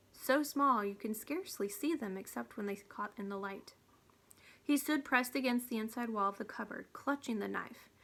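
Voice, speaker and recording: A woman reading a children's storybook aloud, steady and hushed at tense moments. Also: a little high. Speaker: reader.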